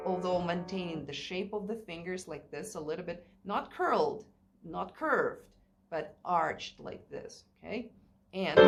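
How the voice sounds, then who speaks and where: A woman's voice: lowish voice, a little slow. A woman teaching a play-along piano lesson in a chatty way, thinking aloud and singing rhythms. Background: piano playing.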